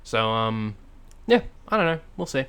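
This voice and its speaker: A man's voice: mid-range voice, very animated, unhurried, fairly bright tone, smooth. A man co-hosting a podcast in casual chat, blunt and sarcastic, rambling with lots of fillers and restarts. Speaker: podcast co-host.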